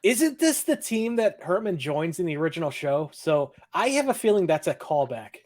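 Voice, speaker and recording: A man's voice: fairly high pitch, big pitch swings, normal speed, a little mellow. A young man from Ohio co-hosting a podcast, casually recapping a TV episode in a blunt, laid-back way, swearing and laughing often. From Ohio, USA. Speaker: podcast co-host.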